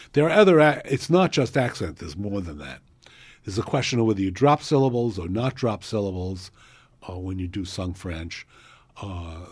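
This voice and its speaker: A man's voice: lowish voice, husky, no room sound. A man, a composer, answering interview questions in a thoughtful, explanatory way with frequent hesitations.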